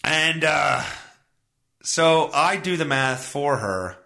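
A man rants through a story on his podcast, swearing and laughing along the way. His pitch sits a bit high and swings widely. The tone is bright and forceful. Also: lively intonation, slow, gravelly. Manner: profane, exasperated, laughs often. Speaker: podcast host. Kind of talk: ranting comedic storytelling.

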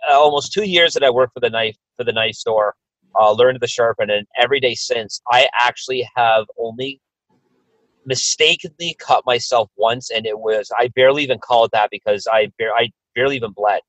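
A man's voice: mid-range voice, a little fast, dry recording, low-quality recording. A man co-hosting a podcast, chatting casually and telling stories with acted-out quotes. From Canada. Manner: animated storyteller, acts out quotes. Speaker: podcast co-host. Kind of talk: casual chat.

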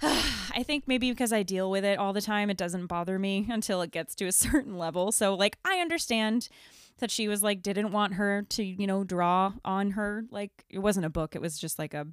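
A woman in her thirties, a podcast co-host, telling a story in a lively, laughing way with lots of "like". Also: mid-range voice, normal speed, smooth, no room sound, clean studio sound. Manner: animated, laughing retelling with lots of "like". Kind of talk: casual storytelling chat.

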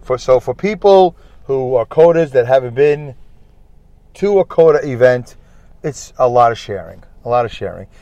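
A man's voice: medium pitch, a little mellow, no echo. A man with a Brooklyn accent hosting a rambling solo podcast, chatty, repetitive and self-deprecating. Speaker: podcast host. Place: in a parked car.

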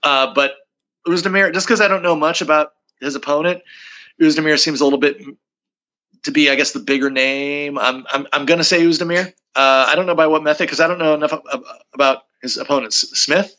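A ring announcer guesting on a casual podcast, his voice bright and forceful. He jokes in an easygoing way. The call audio comes through dull and lo-fi. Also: on the high side, brisk. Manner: joking, easygoing. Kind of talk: casual chat. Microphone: video call.

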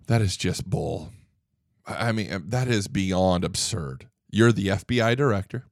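A man's voice: deep voice, unhurried, vocal fry, no echo, studio quality. A man hosting a political commentary show, ranting indignantly, swearing freely and stumbling over repeated words when worked up. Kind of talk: opinionated political monologue.

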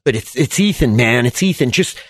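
A man's voice: mid-range voice, animated, brisk, fairly bright tone, no room sound, studio quality, voice pushed up. A man voicing a frantic young male castaway who is easygoing but scared, pleading urgently.

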